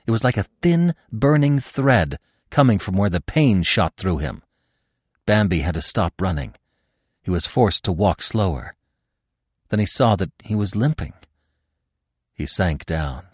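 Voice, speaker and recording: A man with a very deep voice narrates a classic tale, letting his pitch rise and fall widely. He tells the story expressively, and the recording is dry and close. It is an audiobook reading. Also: no room sound.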